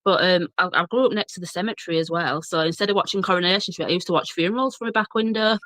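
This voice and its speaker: A woman's voice: lowish voice, very fast, a bit bright, dry recording. A woman in her thirties with a broad Yorkshire accent, a chatty guest who laughs often and tells ghost stories from her childhood. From Bradford, Yorkshire, England. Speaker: guest, blogger and journalist. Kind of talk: casual storytelling chat.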